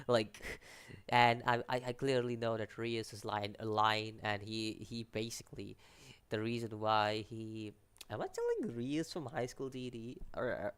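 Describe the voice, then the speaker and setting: A man with a non-native English accent, casually reviewing an anime episode, rambling and animated, stumbling over names and restarting sentences. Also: lowish voice, clean tone.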